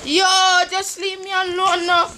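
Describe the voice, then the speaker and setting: A gaming video host giving playful, silly commentary while playing, with drawn-out chants. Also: very high voice, completely flat delivery, noisy background. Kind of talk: casual gameplay commentary. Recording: game music clearly behind.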